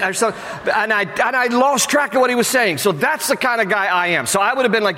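A man preaching a sermon in a loose, chatty manner, slipping jokes and asides in between the teaching. His voice sits a little higher than most men's, and it rings out with a long reverb, as if he is speaking in a big hall. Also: a little fast, few pauses, pushed and bright. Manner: conversational and joking, with playful asides. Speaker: pastor.

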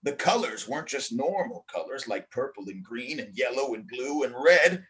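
A man hosting a show, reading a children's story aloud in a playful, expressive manner. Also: mid-range voice, normal speed. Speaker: host and storyteller.

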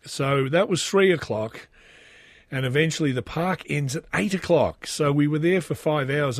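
A man's voice: fairly high pitch, normal speed, no room sound, studio quality. A middle-aged Australian man telling a rambling, self-deprecating family anecdote in a casual, chatty way. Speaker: storyteller.

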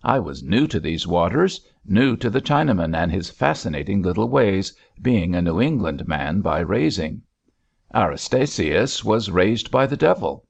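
A man voicing a gruff, dryly humorous older sea captain who drawls wry remarks, with a creaky, husky voice. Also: low-pitched, sing-song, moderate pace, muffled recording, heavily acted. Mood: reminiscing.

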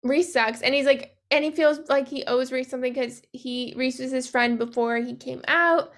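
A young woman with a high voice and a gravelly edge, chatting casually as a podcast co-host. She recaps a film in loose, profane talk full of asides and acts out what the characters say. She sounds relaxed and talkative. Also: normal speed. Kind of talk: casual chat recapping a movie.

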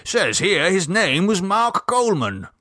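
A chatty, pompous older English gentleman, as a male narrator puts him on, told in an audiobook. The voice sits a little higher than the reader's own and bounces up and down a great deal. The recording is close and dry. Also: big pitch swings, measured pace, dry recording, exaggerated voice. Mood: genial gossip. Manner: pompous, old-fashioned turns of phrase.

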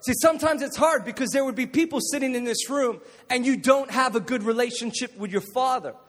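A man preaching a jokey, energetic youth sermon to a live audience in a church hall, calling on listeners to respond. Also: very high voice, brisk. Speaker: youth pastor. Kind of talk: youth sermon with jokes and stories.

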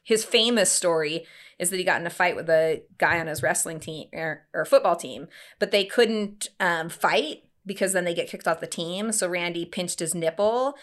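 Animated woman telling a story. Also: fairly low pitch, moderate pace. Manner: animated, acts out quoted voices, laughs often. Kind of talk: casual storytelling chat.

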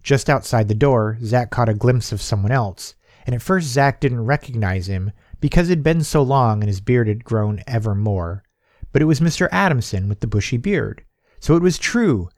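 A man's voice: mid-range voice, lively intonation, moderate pace, darkish tone, no room sound, studio quality. A man reading a short story as an audiobook narrator, giving the characters' lines a lifted, livelier delivery. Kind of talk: scripted narration.

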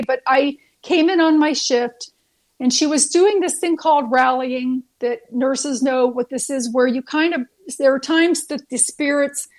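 A nurse, a woman, earnestly telling heartfelt stories as a guest, with frequent fillers and restarts. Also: high-pitched. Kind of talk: storytelling guest on a talk show.

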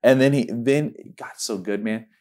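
A man, a minister, tells a personal story in casual conversation. He is animated, often restarts his sentences and keeps breaking into giggles. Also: mid-range voice, moderate pace. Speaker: minister and guest.

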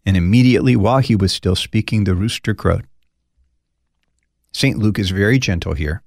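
A man teaching scripture as a pastor, his pitch swinging widely as he acts out quoted lines. His voice carries a gravelly edge, and the recording is dry and close. He adds conversational, folksy asides. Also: no room sound. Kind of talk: Bible study teaching.

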